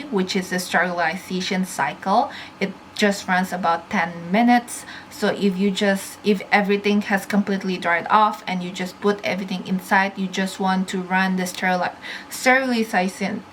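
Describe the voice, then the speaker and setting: A woman's voice: medium pitch, a bit bright, poor audio. Young woman vlogger rambling about a gadget, lots of uh and restarts, faint background hum. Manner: chatty, with frequent fillers and restarts. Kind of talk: casual product review.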